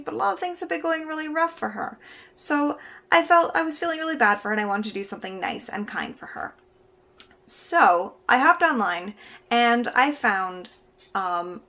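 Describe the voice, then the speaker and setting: A young Canadian woman with a slightly high voice tells a story to her camera. She chats along casually and brightly, her words spilling out with easy laughs. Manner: chatty, animated, laughs while telling. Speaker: vlogger.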